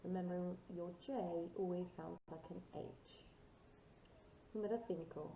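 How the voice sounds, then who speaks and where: A woman's voice: lowish voice, completely flat delivery, normal speed, vocal fry, warm tone. A woman teacher giving a recorded language lesson, patiently modelling words for students to repeat. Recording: echoey room, distant mic, faint noise.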